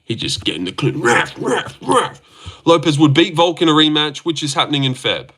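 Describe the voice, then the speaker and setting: Bright-voiced, swearing Australian streamer. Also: male voice, on the high side, sing-song, fast talker. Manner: profane, blunt and rambling. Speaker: MMA predictions livestreamer. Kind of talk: casual livestream chat reading viewer comments.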